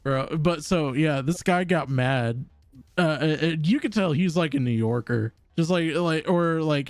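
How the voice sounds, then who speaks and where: A man's voice: on the high side, darkish tone, dry recording. A young man hosting a livestream, chatting casually with callers and telling a rambling story with many restarts. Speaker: livestream host.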